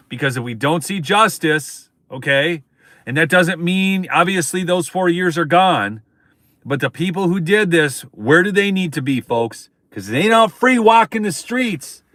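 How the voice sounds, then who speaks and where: Guy doing a live stream rant, kinda high voice, dry close mic, keeps hammering points to his viewers. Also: lively intonation, measured pace, bright, forceful tone, dry recording. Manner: emphatic, repeats points, addresses viewers as folks. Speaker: political commentary host. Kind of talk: live-stream political commentary.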